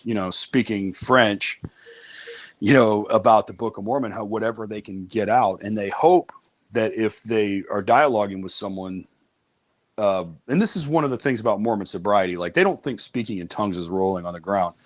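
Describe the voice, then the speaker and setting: A man's voice: on the low side, normal speed, dry recording. A man as an interview guest, talking casually with a wry tone and frequent hesitations. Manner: hesitant, many uh fillers, wry.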